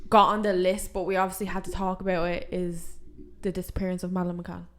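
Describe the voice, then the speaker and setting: A woman's voice: on the low side, completely flat delivery, fast talker, fairly bright tone. Young woman chatting on a podcast. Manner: giggly, chatty, full of "like". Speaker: podcast co-host. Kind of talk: casual chat.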